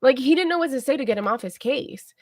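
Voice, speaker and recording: A woman livestreamer telling a story to her viewers in a casual, animated way, often checking in with them. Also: high voice, fast talker, no echo, clean studio sound. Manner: chatty, animated retelling, keeps checking in with "okay?".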